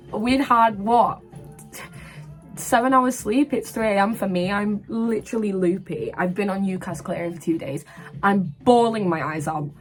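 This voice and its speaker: A young woman of twenty from England chats to camera from her room, her voice sitting a little low. She tells her story in a quick, animated, casual way, and soft music plays faintly underneath. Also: poor audio. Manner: animated, breathless retelling with lots of "like" and "literally". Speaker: vlogger. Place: her own room at university.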